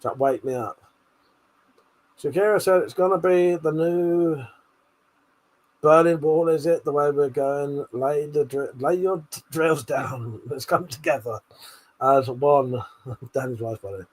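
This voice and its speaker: A man's voice: a little high, a little slow, long pauses. A British man hosting a live stream, reading out viewer comments and teasing them, swearing and laughing a lot, a little tipsy. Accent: British English. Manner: laughs often, swears, banters and teases the chat. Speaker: livestream host.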